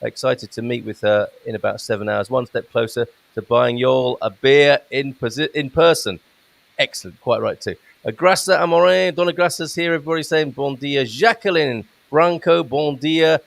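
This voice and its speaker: Gravelly-voiced man hosting a chatty stream. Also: mid-range voice, moderate pace, no room sound. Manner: chatty, reads out viewer comments. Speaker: host. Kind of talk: casual live-stream chat. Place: home in Portugal.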